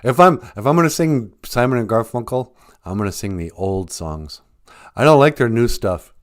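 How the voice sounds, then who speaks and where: A man's voice: mid-range voice, animated, normal speed. A man hosting a livestreamed podcast, chatting in a teasing, mock-serious way. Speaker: podcast host. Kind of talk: joking livestream chat. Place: home livestream.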